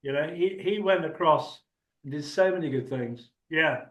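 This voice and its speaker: A man's voice: on the high side, normal speed, a bit bright, echoey room, rough recording. An older man telling a rambling anecdote as an interview guest, chatty and laughing often. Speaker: actor and guest. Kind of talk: anecdotal storytelling.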